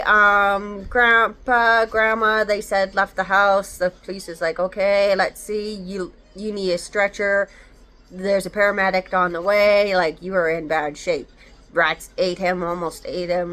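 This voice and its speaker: A woman's voice: medium pitch, steady tone, unhurried, bright, forceful tone. A woman casually retelling a horror novel's plot in a rambling way, full of fillers and quoted dialogue. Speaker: book reviewer. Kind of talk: casual book review recap.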